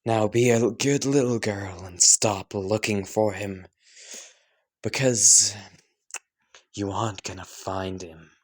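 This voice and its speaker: Creepy unseen whisperer in a cupboard, put on by a male narrator, dragged out and low. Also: steady tone. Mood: menacing. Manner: slow, low, menacing whisper.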